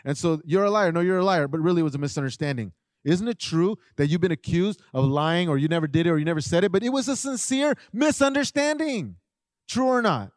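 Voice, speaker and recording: A middle-aged man giving a conversational parenting talk, animated, often acting out what parents and children say. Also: fairly high pitch, brisk, dry recording, studio quality. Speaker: parenting speaker.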